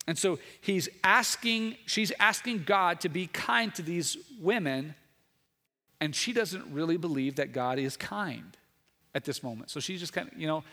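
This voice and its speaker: A man's voice: on the high side, fairly bright tone. A man in his thirties preaching a sermon, earnest and repetitive, with frequent restarts, building to raised, emphatic passages. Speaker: pastor.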